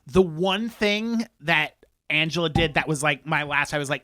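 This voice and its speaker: A man co-hosting a podcast, chatting in a blunt, animated way with plenty of swearing. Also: on the high side, moderate pace, dry recording, studio quality. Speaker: podcast co-host. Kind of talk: casual chat.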